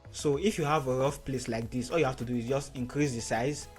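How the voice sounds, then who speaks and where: A man with a medium-pitched voice teaches photo editing in a screen-recorded tutorial, moving fairly quickly with faint music behind him. He gives steady step-by-step instructions and repeats the key points.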